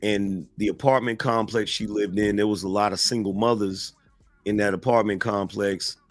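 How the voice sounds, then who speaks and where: A man being interviewed, telling stories in a relaxed, slangy way. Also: lowish voice, moderate pace, no echo, soft background music. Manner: relaxed, slangy street talk. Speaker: interview guest, online commentator. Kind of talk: casual storytelling in an interview.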